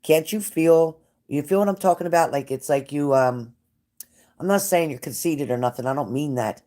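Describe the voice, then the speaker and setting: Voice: medium pitch, normal speed, warm tone. A psychic reader hosting a casual live stream who talks straight to viewers by name, repeats phrases and gets emotional and fervent.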